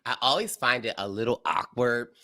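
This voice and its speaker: A man with a very bright, sharp-edged voice co-hosts a casual recap chat. He is animated and heartfelt, laughs often and talks in bursts of fillers. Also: medium pitch, moderate pace. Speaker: co-host.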